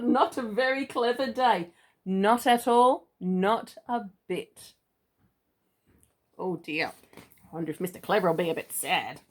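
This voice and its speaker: A woman reading a children's storybook aloud to a child, playful and chatty with asides. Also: a little high. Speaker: parent or relative reading to a child.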